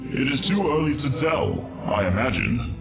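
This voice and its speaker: A man voicing a composed, formal leader speaking in measured tones. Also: medium pitch, sing-song, music in the background. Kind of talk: game cutscene voice acting. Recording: roomy echo.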